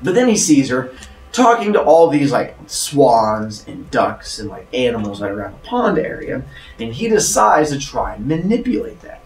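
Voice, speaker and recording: Lively man telling a myth playfully. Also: mid-range voice, moderate pace. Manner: playful, jokey retelling with voices. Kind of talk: animated storytelling lesson. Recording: roomy, distant mic.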